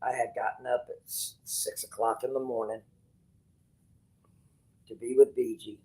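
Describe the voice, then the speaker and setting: Hosting his channel, a man tells viewers a personal story with a casual, rambling flow, restarting often, quoting others, and swearing freely. His medium-pitched voice is flat, slightly mellow, and a bit rough, moving at a moderate pace on a rough recording.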